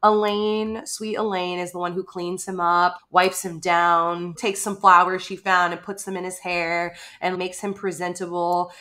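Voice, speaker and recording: A woman co-hosts a casual book podcast, chatting in a lively way and slipping into quoted voices. Her tone is bright and forward. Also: lowish voice, a little slow, hardly any pauses. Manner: chatty, animated, acts out quotes. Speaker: podcast co-host.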